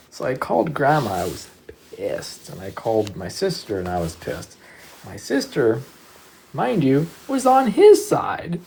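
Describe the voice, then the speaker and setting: A livestreamer telling a story casually to chat, animated and swearing often. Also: mid-range voice, unhurried, creaky, a little hiss or hum.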